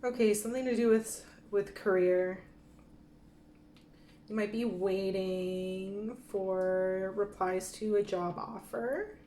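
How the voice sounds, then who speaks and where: A woman giving a gentle pick-a-card tarot reading who gets openly emotional and laughs softly. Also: medium pitch, steady tone, slow pace, a little hiss or hum. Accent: Michif-speaking Métis greeting and French sign-off. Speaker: tarot reader. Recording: echoey room with faint ambience.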